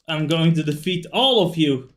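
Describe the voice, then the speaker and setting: A man streaming a video game, reacting loudly to the action and swearing freely. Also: on the high side. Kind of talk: live gaming commentary.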